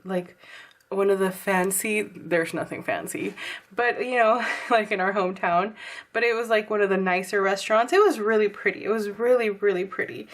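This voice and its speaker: Young woman, slightly hoarse, casual planner chat, lots of fillers, says y'all. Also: medium pitch, normal speed. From Texas. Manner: chatty, many fillers, addresses viewers as y'all. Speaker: planner vlogger.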